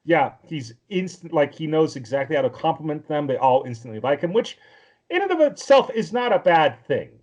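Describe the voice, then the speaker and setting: A slightly high male voice with big pitch swings, a touch fast and a little mellow, belongs to a podcast co-host. He chats loosely about a cartoon episode, rambling with many fillers and false starts.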